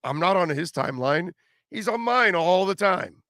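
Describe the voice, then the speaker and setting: A man's voice: high-pitched, animated, normal speed, a bit bright, no echo, clean studio sound. A man hosting a sports radio show, talking casually with fillers and repeated words.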